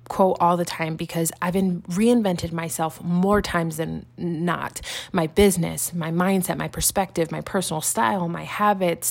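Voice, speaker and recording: A woman's voice: on the low side, creaky. A woman hosting a motivational podcast, talking in a gushing, emphatic, repetitive way. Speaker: podcast host.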